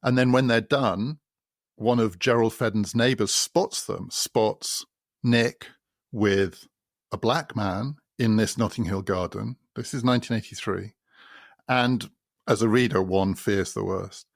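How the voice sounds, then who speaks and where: Man, podcast host, low voice, gravelly fry, dry close sound, explanatory, repetitive emphasis. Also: measured pace, no echo. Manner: explanatory, builds points by repetition. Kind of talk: spoken literary commentary.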